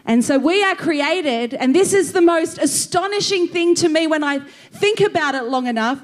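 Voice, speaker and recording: A woman with a high voice preaching with enthusiasm. She speaks directly to her listeners and draws them in. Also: moderate pace. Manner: enthusiastic, addresses the congregation directly. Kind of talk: sermon.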